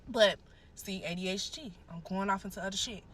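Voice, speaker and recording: A woman's voice: medium pitch, a little fast, a bit bright, a little hiss or hum. A young woman animatedly telling a personal story in casual, profane speech, often calling out to listeners as y'all. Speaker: guest telling her story. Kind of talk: emotional storytelling.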